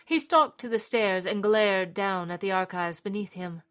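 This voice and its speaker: A woman's voice: medium pitch, normal speed, fairly bright tone. A woman narrating a story in a dramatic, scripted reading style.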